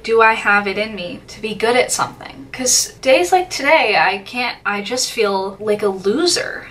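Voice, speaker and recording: A young woman with a bright, forceful voice chats through a get-ready-with-me vlog. She rambles openly about her worries and often puts herself down, and her pitch sits at a middle level. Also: a little hiss or hum. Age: young adult. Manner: rambling, candid and self-deprecating. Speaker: college student vlogger. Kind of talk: casual get-ready-with-me chat.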